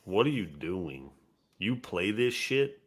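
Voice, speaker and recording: A man's voice: low voice, big pitch swings, slow pace, a bit bright, slightly rough. A man guesting on a casual podcast chat. He talks animatedly, swears and then apologizes for it.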